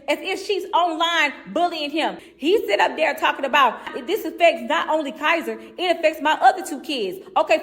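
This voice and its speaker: A woman's voice: high voice, a bit bright. A woman hosting a commentary channel, ranting in a blunt, profane, sassy way. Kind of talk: drama commentary rant.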